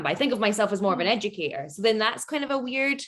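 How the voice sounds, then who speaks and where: A woman's voice: medium pitch, lively intonation, fast, few pauses, fairly bright tone. A woman with a Scottish accent, talking as a guest in a casual interview, laughing often and filling her speech with "like". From Scotland. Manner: chatty, laughs often, many "like" fillers.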